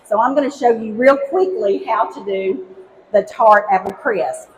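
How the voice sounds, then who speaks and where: A former high school teacher from Alabama runs a live cooking demo on an outdoor stage, her voice a little high and her pace measured. She's cheerful, folksy and chatty with a Southern Alabama accent, constantly calling out to the crowd. The recording is rough, with slight background noise.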